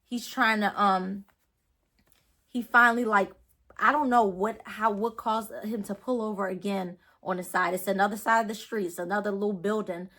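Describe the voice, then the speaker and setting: A woman's voice: medium pitch, fairly even intonation, normal speed, a bit bright. Young woman, vlogger, storytime, earnest, rambling, lots of fillers. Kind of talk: storytime vlog.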